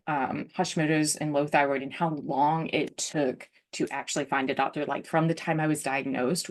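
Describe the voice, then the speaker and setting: Low-voiced chatty woman telling a story. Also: fairly even intonation, moderate pace, hardly any pauses. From United States. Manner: chatty, lots of fillers like "like" and "um", emotional. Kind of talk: casual personal storytelling.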